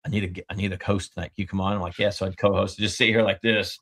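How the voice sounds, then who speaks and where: A man's voice: deep voice, level tone, racing, gravelly, fairly bright tone. A man co-hosting a podcast, talking in a laid-back, rambling way about his schedule. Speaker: podcast co-host. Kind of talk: casual podcast conversation.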